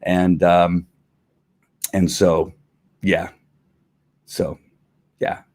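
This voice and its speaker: A man's voice: low-pitched, little pitch movement, drawn-out words, darkish tone. Rambling, opinionated middle-aged man. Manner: rambling, opinionated, laughs often, many fillers. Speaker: host. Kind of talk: casual solo livestream talk.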